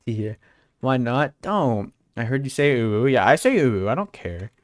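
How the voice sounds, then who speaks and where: A man's voice: medium pitch, very animated, moderate pace, no echo, clean studio sound. Joking young male live streamer. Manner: joking, teasing chat banter. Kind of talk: casual live-stream chat.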